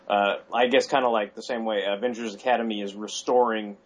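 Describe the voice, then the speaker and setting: A man co-hosting a casual podcast chat, animated and acting out his own reactions. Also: fairly low pitch, brisk, a little hiss or hum. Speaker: podcast co-host. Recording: dull lo-fi sound.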